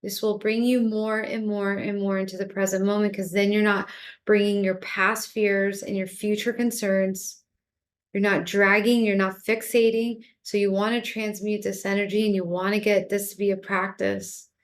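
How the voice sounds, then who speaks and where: A woman giving a calm spiritual talk as a teacher, gently coaxing and repeating herself as she guides listeners through a meditation practice. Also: mid-range voice, moderate pace.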